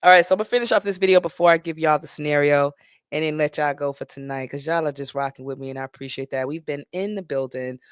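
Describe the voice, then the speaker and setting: A woman's voice: deep voice, quick pace, clear, resonant tone, no echo, studio quality. A woman hosting a live stream, chatting and laughing with viewers. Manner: animated, laughs often, talks straight to viewers. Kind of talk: casual commentary chat.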